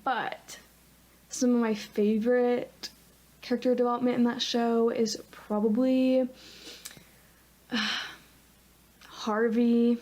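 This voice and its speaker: Young female co-host, a touch high-pitched, meandering and hesitant in casual chat. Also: little pitch movement, takes it slowly, pauses often, a little mellow. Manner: rambling, hesitant, many "um"s and "like"s. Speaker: podcast co-host.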